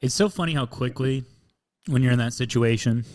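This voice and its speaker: A man's voice: medium pitch, fairly quick. A man co-hosting a comedy podcast, trading casual jokes with friends. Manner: lively, jokey banter. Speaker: podcast co-host.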